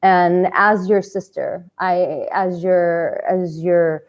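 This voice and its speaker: A woman dating coach giving a heartfelt motivational vlog talk, swinging from hushed tenderness to loud, exuberant outbursts and swearing casually. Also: fairly low pitch, steady tone, takes it slowly, highs cut off.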